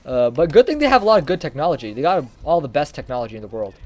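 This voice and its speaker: A man's voice: fairly high pitch, racing, few pauses. A young man casually explaining history while playing an online game. He rambles and often corrects himself mid-sentence. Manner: rambling, animated, self-correcting. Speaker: gaming YouTuber.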